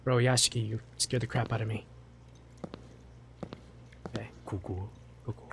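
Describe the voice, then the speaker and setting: A man's voice: lowish voice, steady tone, moderate pace, gravelly, long pauses, a little hiss or hum. A man doing casual let's play commentary on a horror game, reading the text aloud in a jumpy, nervous, joking way.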